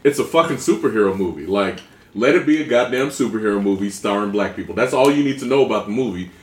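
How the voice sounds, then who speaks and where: A man's voice: fairly low pitch, expressive, fast talker, roomy sound. A man in a casual movie-talk chat, blunt and profane, waving off overthinking.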